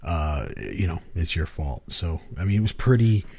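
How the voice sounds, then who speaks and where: Man from the US East Coast, middle-aged, deep mellow voice, podcast host with loose, profane storytelling. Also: very animated, moderate pace, vocal fry, breathy edge. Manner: rambling storyteller, swears, laughs often. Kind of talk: casual chat.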